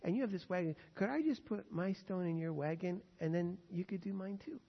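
Wheedling village guy begging a favor, a preacher putting him on, high voice, echoey muffled hall. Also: a little fast, breathy edge. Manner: wheedling, pleading. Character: busy male villager asking a favor. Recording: dull echoey hall recording.

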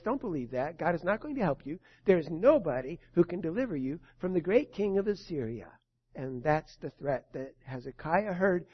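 A male pastor preaching a sermon in an earnest way, moving between soft and emphatic. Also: on the high side. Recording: dull lo-fi recording.

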